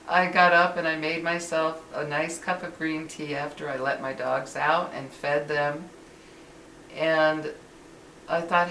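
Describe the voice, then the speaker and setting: Low-voiced older woman, earnest and rambling. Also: steady tone, a little slow, fairly bright tone. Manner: earnest, rambling, with frequent restarts. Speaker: vlogger. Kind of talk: casual motivational talk to camera. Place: home living room, indoors. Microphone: built-in camera mic. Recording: roomy and distant with faint hiss.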